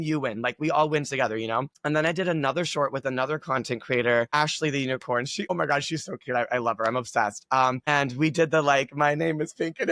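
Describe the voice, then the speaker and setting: A man with a slightly raised pitch talks as a guest in a casual chat. He gushes in an upbeat way and packs his sentences with filler words. The sound is close and dry, with no room around it. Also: a bit bright, dry recording. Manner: gushing, upbeat, heavy use of filler words. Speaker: guest content creator.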